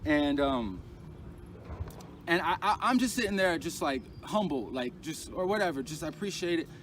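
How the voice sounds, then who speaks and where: A man tells a rough personal story in a casual, halting way, stumbling over restarts and circling back on his own phrases. His voice sits a little high for a man. Loud street traffic runs behind him outdoors. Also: expressive. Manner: halting and agitated, many restarts and repeated phrases. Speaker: storyteller recounting a personal ordeal.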